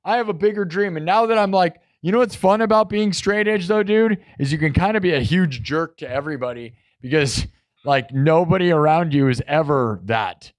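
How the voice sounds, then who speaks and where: A man's voice: fairly high pitch, normal speed, no echo, clean studio sound. A man hosting a live stream, chatting in a rambling, jokey way and talking straight to his chat. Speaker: live-stream host and musician.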